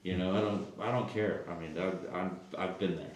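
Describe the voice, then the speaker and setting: A man's voice: low-pitched, normal speed, slight background noise. A man from Texas, a podcast guest telling stories casually and acting out quotes. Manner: animated, acts out quotes, stumbles and restarts. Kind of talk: casual storytelling. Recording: very echoey room.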